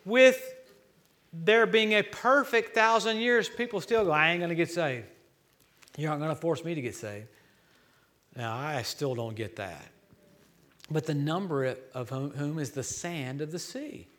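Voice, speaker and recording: A man preaching a sermon as a guest speaker, telling stories in an animated, joking way that swings from loud to hushed. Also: on the high side, normal speed, long pauses. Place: church.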